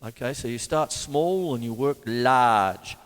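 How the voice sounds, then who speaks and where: A man hosting a live drum lesson, jokey and excitable with puns. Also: medium pitch, slow, in a large hall. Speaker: drum teacher and show host. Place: drum studio.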